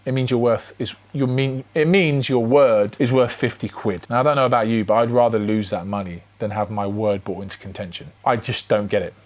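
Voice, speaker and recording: A man with a Gibraltarian accent telling a story to camera in a frank, opinionated way, with lively shifts in his voice as he talks it through. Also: fairly quick, few pauses. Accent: Gibraltarian English. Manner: animated, acts out both sides of the chat with shifting pitch; frank and opinionated, asides to the viewer. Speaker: trading card collector and vendor. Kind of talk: storytelling vlog retelling a chat exchange.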